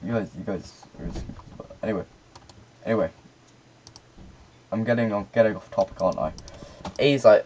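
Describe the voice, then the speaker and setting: A man's voice: on the low side, animated, normal speed, pauses often, darkish tone, slight background noise, low-quality recording. A man rambling through a casual, sweary history explanation while getting distracted by the game he is playing. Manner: loose and offhand, trails off.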